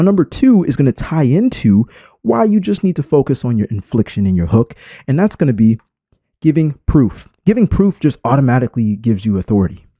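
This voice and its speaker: Emphatic man with a lively, swinging voice. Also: mid-range voice, no echo, studio quality. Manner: unscripted, emphatic, swings inflection for effect. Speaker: YouTube creator. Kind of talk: screen-recorded tutorial talk.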